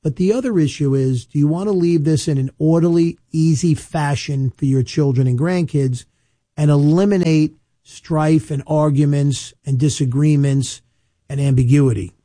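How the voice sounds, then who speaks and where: A man, an estate planning attorney giving casual, chatty advice with storytelling asides and emphatic slowed-down points. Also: on the high side, mellow, no room sound, clean studio sound. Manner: emphatic, slows down to stress points. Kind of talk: casual advice monologue to camera.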